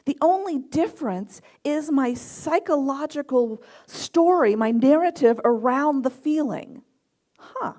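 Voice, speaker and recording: A middle-aged woman minister giving a sermon, telling personal stories and acting out quotes with lively swings in her voice. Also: sits high. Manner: storytelling with lively acted-out quotes.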